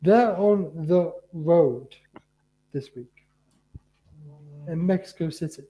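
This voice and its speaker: British man, warm, earnest delivery. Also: a little high, slow. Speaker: podcast co-host. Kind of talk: casual podcast chat.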